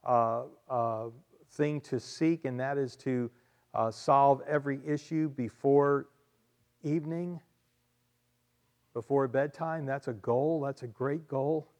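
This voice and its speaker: Male pastor, sermon, emphatic, repeats key phrases, conversational asides, mid-pitched voice, church. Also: fairly even intonation, slow, a little mellow.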